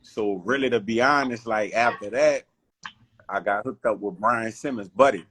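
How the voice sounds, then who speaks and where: A man's voice: fairly low pitch, normal speed, slight background noise, poor audio. A man, a basketball coach talking casually about his life on a video call. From New Orleans. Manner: relaxed, slangy, heartfelt storytelling. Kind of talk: casual interview chat.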